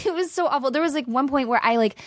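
Animated young woman telling a story. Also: sits high, quick pace, no room sound, clean studio sound. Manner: animated storyteller, acts out quotes, laughs often. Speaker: podcast guest. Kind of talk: casual chat.

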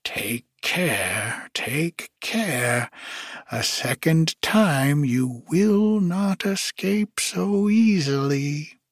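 Spiteful old witch read by a man, husky, slow and pitched up, dry close sound. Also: animated, no echo, heavily acted. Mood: muttering threat. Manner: cries out, then mutters threats. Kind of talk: storybook reading.

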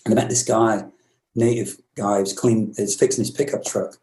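Dark-voiced British man telling stories. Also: on the low side, steady tone, moderate pace, rough recording. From Britain. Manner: rambling, reflective, with many restarts. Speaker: musician guest. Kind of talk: storytelling interview.

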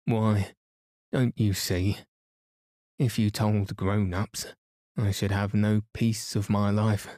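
A man's voice: on the low side, level tone, slow, long pauses, dark tone, dry recording, studio quality. A man voicing a grumpy, tired old sand fairy in a storybook, fretful and complaining.

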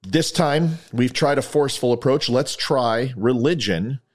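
A man's voice: medium pitch, expressive, measured pace, pitched above the performer's own voice. A man voicing an exasperated, scheming fantasy king in a comic story.

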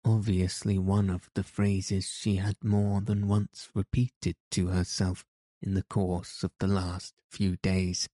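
A man narrating a classic novel in a measured, even reading. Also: low voice, no echo. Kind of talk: audiobook narration.

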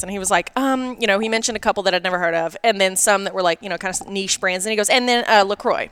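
A woman's voice: mid-range voice, fast, clean tone, no room sound. A woman co-hosting a podcast in casual chat, telling stories animatedly and acting out what people said. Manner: animated storyteller, acts out quoted dialogue. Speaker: podcast co-host.

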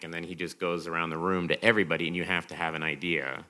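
A man telling animated stories as a guest on a live podcast, acting out what people said. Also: low-pitched, fast talker. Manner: animated, jumpy, acts out quotes. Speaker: guest comedian. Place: live stage in front of an audience.

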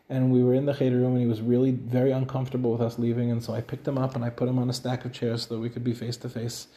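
Gravelly dark-voiced man giving a talk. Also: mid-range voice, a little hiss or hum. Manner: conversational, asks the audience "right?". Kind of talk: community talk to parents. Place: living room of a home.

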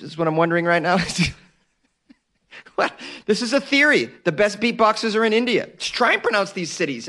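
A man's voice: on the high side, fairly bright tone. Male comedian hosting a news podcast; loose, riffing, jokey reads. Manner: loose, joking, riffing asides.

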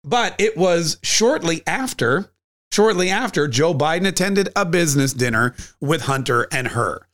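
A man's voice: on the high side, animated, a little slow, fairly bright tone. A man hosting a podcast, giving a sarcastic, conversational political commentary monologue. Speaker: podcast host.

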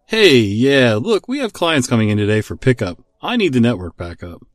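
A man reads out a pushy male store employee who refuses to listen. He sounds stubborn and dismissive, with a lively, swinging pitch. The audio is dry and close. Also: moderate pace, no echo, faint music behind, lightly acted. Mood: insistent. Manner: insistent, dismissive.

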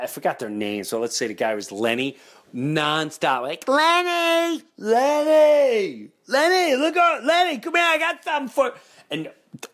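A middle-aged man, hosting a podcast and telling a story in an excitable way, breaking into loud impressions. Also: medium pitch. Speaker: podcast host. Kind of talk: animated storytelling.

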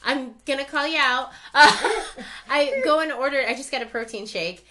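A young woman co-hosting a podcast in casual chat, with a high voice and a chatty, self-mocking way of talking. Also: normal speed, bright, forceful tone, slight background noise. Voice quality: high-pitched voice. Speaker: podcast co-host.

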